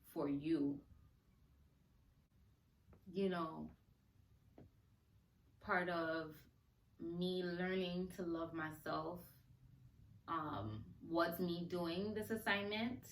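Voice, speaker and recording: A woman's voice: lowish voice, distant mic. A woman hosting a solo podcast, talking in a heartfelt, conversational way and laughing often. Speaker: podcast host. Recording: roomy echo, voice a bit off-mic.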